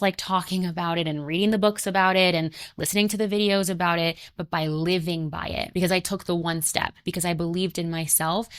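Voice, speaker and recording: A woman's voice: fairly low pitch, fairly bright tone, no echo, studio quality. A woman in her twenties giving an earnest spiritual motivational talk, emphatic and conversational, repeating her key points. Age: 20s.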